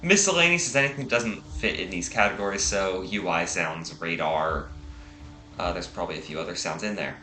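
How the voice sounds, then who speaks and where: A man's voice: low voice, a little fast, pushed and bright. A man co-hosting a casual game development update, walking through menus step by step with the odd stumble. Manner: chatty, explains step by step, occasional stumbles. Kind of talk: casual walkthrough of a game menu. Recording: roomy echoey room.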